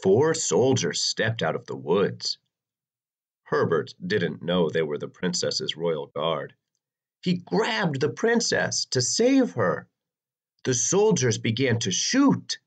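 A man narrating a children's storybook in an expressive, dramatic reading. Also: slow, breathy edge. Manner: expressive, sweeping pitch for drama.

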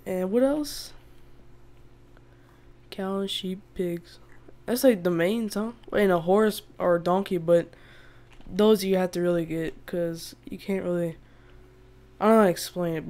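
In a low, slightly mellow voice, a woman talks a little slowly and pauses often while playing a survival game. This gaming video host's let's-play commentary is casual and chatty; she laughs a lot and erupts in exasperation at the animals.

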